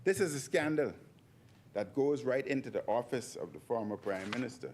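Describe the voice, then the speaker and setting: A man giving a speech in parliament, forceful and repeating phrases for emphasis. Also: mid-range voice, animated, moderate pace, a little hiss or hum. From Bahamas. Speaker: member of parliament. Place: parliament chamber.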